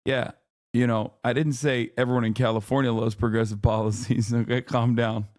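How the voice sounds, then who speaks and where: A man's voice: mid-range voice, level tone, brisk, a little mellow, no echo. Guy streamer ranting to chat, swears a lot, laughs between lines, dry close mic. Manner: brash, profane, laughing, mock accents. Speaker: streamer reacting to a video. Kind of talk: casual live-stream chat.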